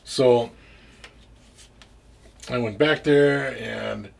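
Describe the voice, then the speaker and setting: A man's voice: mid-range voice, very slow, vocal fry. A man telling a story in casual talk, rambling with restarts and frequent swearing. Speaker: interview guest.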